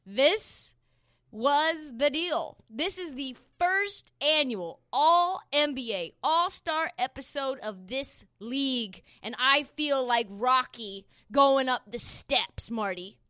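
A woman's voice: high voice, lively intonation, slow, pushed and bright, smooth, no echo, clean studio sound. A woman hosting a casual sports podcast, brash and playful, boasting and laughing often. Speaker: podcast host.

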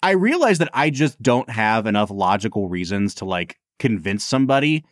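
A man's voice: lowish voice, big pitch swings, normal speed, dry recording, clean studio sound. A man co-hosting a podcast, chatting casually about films with lots of fillers. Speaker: podcast co-host.

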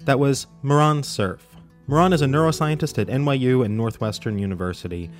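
A man hosting a podcast, reading a brisk, upbeat outro with credits. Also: medium pitch. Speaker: podcast host. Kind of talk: scripted outro read. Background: light guitar music.

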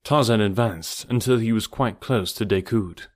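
A man narrating an adventure novel as an audiobook in a steady, measured storytelling manner. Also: lowish voice, dry recording, clean studio sound.

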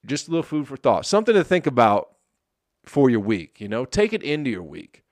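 A man's voice: medium pitch, sing-song, brisk, dry recording, studio quality. A man doing a rambling, profane, sarcastic comedy monologue as host.

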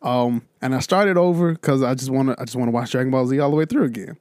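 A man's voice: mid-range voice, quick pace, smooth, no echo, studio quality. A man co-hosting a podcast, telling a workplace story in casual slang and acting out the people in it. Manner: animated, acts out voices while telling stories. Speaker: podcast co-host.

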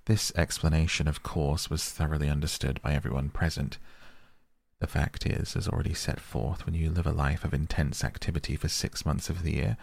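Deep, gravelly male bedtime reader. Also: no echo. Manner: softly read. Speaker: audiobook narrator. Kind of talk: soft bedtime audiobook reading.

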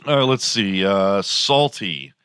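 A man's voice: fairly low pitch, lively intonation, slow pace, fairly bright tone, smooth, no room sound, clean studio sound. A man hosting a morning show, rambling through a crude, sarcastic comedic monologue.

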